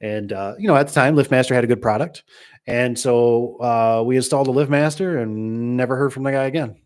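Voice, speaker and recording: A man's voice: medium pitch, a little fast, a little mellow. A middle-aged man who runs a garage door business, telling a rambling, joking story to a live chat, full of restarts and asides.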